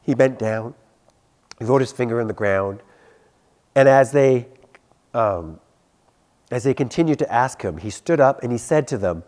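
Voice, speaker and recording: Lively, animated male youth pastor. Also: medium pitch, a little slow, long pauses. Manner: animated, acts out voices, laughs at own stories. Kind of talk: youth sermon with storytelling.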